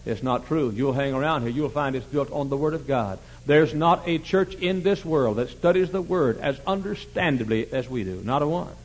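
A man preaching a sermon, telling folksy stories and swinging from quiet asides to shouting. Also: mid-range voice, expressive, moderate pace, hardly any pauses, poor audio. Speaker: pastor.

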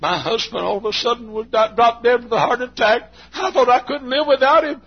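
A man preaching a sermon puts on the high, strained voice of a grieving widowed church woman. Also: brisk, husky, exaggerated voice. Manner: high, strained, emotional telling. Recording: dull lo-fi recording with faint hum.

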